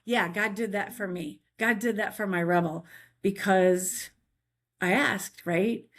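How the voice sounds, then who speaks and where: A middle-aged woman telling a faith-filled personal story as a guest, animated and chatty, often checking in with "right?". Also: mid-range voice, a little slow.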